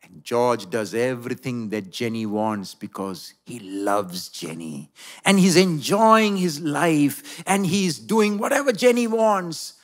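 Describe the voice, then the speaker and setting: A man's voice: mid-range voice, expressive, takes it slowly. A male pastor preaching a sermon in a church, telling a story dramatically.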